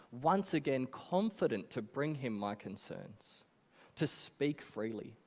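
Guy preaching a sermon, slow and earnest, voice swings up and down a lot. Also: mid-range voice. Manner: earnest, emphatic preaching with dramatic pauses.

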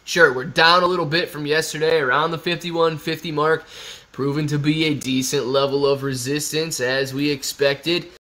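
A man's voice: on the high side, fairly even intonation, moderate pace, bright, forceful tone. A young man hosting a casual live stream, reading viewer comments aloud and joking back, calling everyone man and bro.

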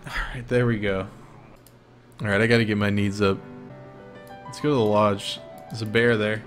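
A man streaming a life-simulation game, commentating casually and jokingly, with sudden excited outbursts. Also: lowish voice, normal speed, pauses often, soft background music.

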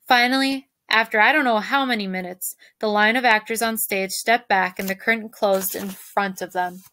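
A woman, a teacher, reading a children's novel aloud to her class in a lively storytelling manner. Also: medium pitch, moderate pace, slight background noise. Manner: lively, shifts voices for characters.

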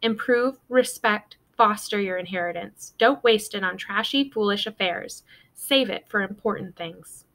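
A woman's voice: medium pitch, a little slow, fairly bright tone. A woman playing a stern, cold old grandmother. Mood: cold scolding. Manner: snapping, scolding.

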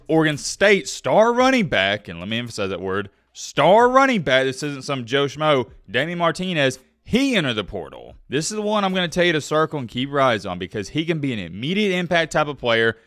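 Male sports vlog host, animated and quick, dry close-mic sound. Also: mid-range voice, dry recording. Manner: animated, fast-talking, with sudden loud bursts. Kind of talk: casual commentary vlog.

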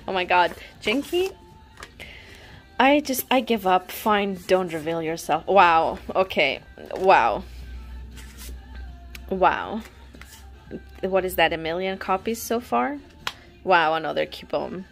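Young female vlogger, theatrical exasperation, wide swooping pitch. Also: expressive, measured pace, faint music behind. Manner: dramatic, exasperated, pleading and laughing. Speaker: unboxing vlogger. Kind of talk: casual unboxing commentary.

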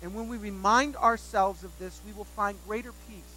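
A man delivers a sermon in a high, bright and sharp voice. He leans on repetition to drive points home. He slips into animated, self-mocking storytelling. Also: moderate pace, slight background noise, poor audio. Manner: emphatic, repeats key phrases for weight. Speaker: pastor.

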